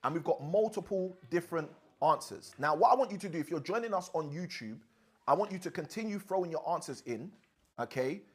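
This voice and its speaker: A man's voice: a little high, animated, a little fast. A man, a father of six, leading an interactive teaching session and asking his audience questions. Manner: asks the audience questions often.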